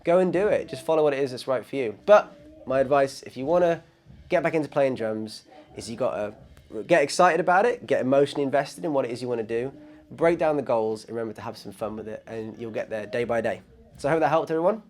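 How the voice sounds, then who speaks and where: A man talks straight to camera in an easygoing, encouraging way, handing out practice advice. His voice sits at an ordinary middle pitch. He leans on "you know" and "like" as he goes. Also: quick pace. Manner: encouraging, upbeat, lots of "you know" fillers. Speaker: drum channel host.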